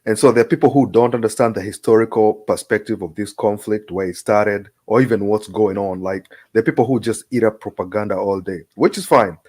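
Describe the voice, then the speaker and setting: A man with a somewhat low voice, chatting casually on a podcast. He tells an anecdote in an animated way, building up to his point. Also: a little fast, few pauses. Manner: storytelling, animated when quoting. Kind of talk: casual political chat.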